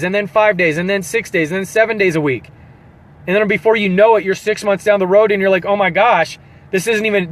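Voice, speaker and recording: A man speaking as a fitness coach in an earnest, emotional motivational pep talk, repeating phrases for emphasis. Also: sits high. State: holding back tears.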